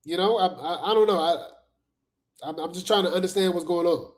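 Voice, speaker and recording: A man's voice: sits high, a little fast, very noisy. A man hosting casual gossip commentary, sarcastic and chatty, talking straight to his viewers.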